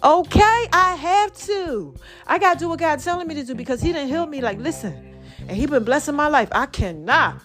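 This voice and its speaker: A tired woman from Brooklyn hosts a motivational podcast, her voice sitting a little high. She preaches in an animated, slangy way, talking straight to her listeners. Faint music runs quietly beneath her. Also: fast. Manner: animated and preachy, with slangy direct address and sung snatches. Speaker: podcast host.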